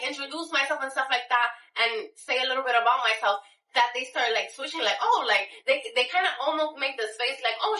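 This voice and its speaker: A woman's voice: on the high side, sharp tone, distant mic. Ranting young woman in an echoey room. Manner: heated, profane, rambling with many restarts and fillers. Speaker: vlogger. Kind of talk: unscripted personal rant to camera. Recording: echoey room, voice a little off-mic.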